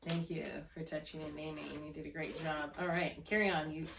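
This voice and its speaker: A woman tutoring a child in reading, encouraging, patient and gently correcting. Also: sits low, little pitch movement, fairly quick. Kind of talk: one-on-one tutoring session. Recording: far-off mic in an echoey room with faint noise.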